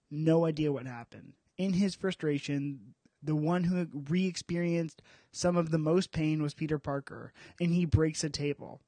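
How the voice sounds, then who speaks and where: A man's voice: fairly high pitch, a little mellow, no room sound. A man hosting a podcast, recapping a comic book story and bantering in a playful, self-mocking way. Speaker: podcast host.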